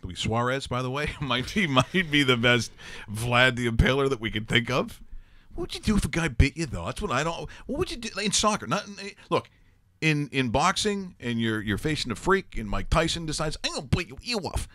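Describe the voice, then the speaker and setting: A man hosting a sports talk show, telling stories in a rambling, animated way and laughing often. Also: mid-range voice, fairly quick, no room sound. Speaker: host.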